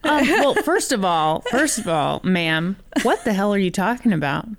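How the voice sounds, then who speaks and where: A woman's voice: medium pitch, sing-song, moderate pace. A woman co-hosting a podcast in casual chat, with a teasing, wry manner. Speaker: podcast co-host.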